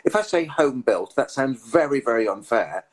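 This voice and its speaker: A man presenting motorsport radio, telling anecdotes in a lively, chatty way. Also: mid-range voice, normal speed, poor audio. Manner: anecdotal storyteller, lively retelling.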